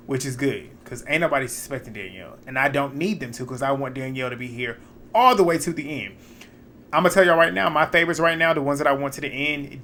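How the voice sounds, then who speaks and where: Animated man recapping reality TV. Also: a little high, slight background noise. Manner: animated, laughs often, slangy retelling with quoted lines. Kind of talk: casual episode recap.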